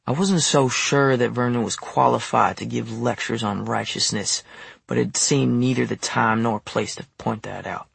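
A man narrating an audiobook in the first person, measured and wry. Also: medium pitch, steady tone, creaky, fairly bright tone, slightly rough, no echo.

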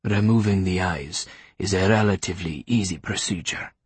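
A man's voice: low voice, fairly even intonation, breathy edge, no room sound, heavily acted. Man doing a cold, whispery doctor-killer. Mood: coldly calm. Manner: quiet, slow, detached menace. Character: cold, calm male killer posing as doctor.

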